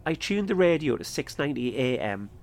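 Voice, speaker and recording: A man telling a first-person ghost-hunting story as podcast host, in a measured, steady delivery. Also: medium pitch, creaky.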